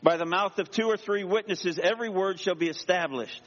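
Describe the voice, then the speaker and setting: Pastor, male, high-pitched, preaching with energy; dull recording in a reverberant church hall. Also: a little fast. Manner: energetic, exclaiming, calls for amens. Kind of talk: sermon. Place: church sanctuary. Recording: dull sound in a long-echo hall.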